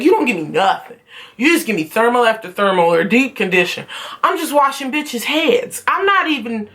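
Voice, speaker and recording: A young woman venting in a heated, profane vlog rant, telling her story with animated swings of feeling. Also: fairly high pitch. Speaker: vlogger, former beauty school student.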